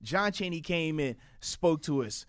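Animated former player breaking down football. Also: male voice, fairly high pitch, a little slow, smooth, no room sound, studio quality. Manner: animated, explains plays. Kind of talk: casual sports talk.

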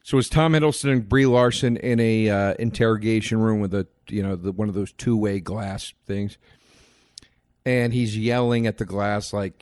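A man's voice: lowish voice, steady tone, normal speed, darkish tone, dry recording, studio quality. A man co-hosting a casual movie review podcast, retelling scenes at length with lots of filler words. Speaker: podcast co-host.

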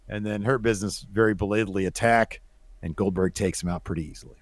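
A man's voice: lowish voice, steady tone, fast, dry recording. A young man co-hosting a podcast, talking animatedly, swearing and acting out other people's lines in a casual chat. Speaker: podcast co-host.

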